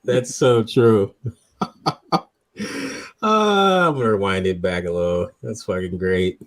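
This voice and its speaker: A man's voice: lowish voice, slow pace. A man hosting a movie review show in casual chat, laughing often, swearing freely and searching for words.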